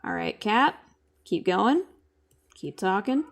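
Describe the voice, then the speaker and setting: A woman's voice: medium pitch, very animated, slow pace. A young woman streaming from home, chatting casually and rambling as she answers her chat while she draws. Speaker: streamer and animator.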